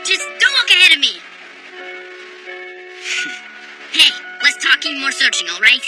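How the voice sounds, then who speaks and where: A woman's voice: high voice, sing-song, bright, forceful tone, soft background music, exaggerated voice, poor audio. A woman voicing an arrogant young boy genius scientist in an anime English dub, haughty and dismissive. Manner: haughty, dismissive, quick to despair. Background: background score.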